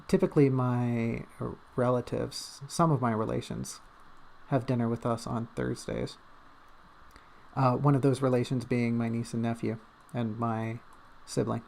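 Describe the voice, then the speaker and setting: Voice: mid-range voice, gravelly, a little mellow. A livestreamer chatting casually and rambling, with self-mocking jokes.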